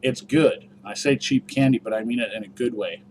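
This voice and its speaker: A man's voice: mid-range voice, brisk, darkish tone, a little hiss or hum. A man giving a casual, rambling review vlog, chatty and full of fillers. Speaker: product reviewer.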